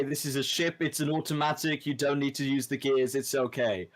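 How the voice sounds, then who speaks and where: A man running a tabletop game as game master, rambling and filling pauses with ums. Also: mid-range voice, steady tone. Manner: rambling, many filler words.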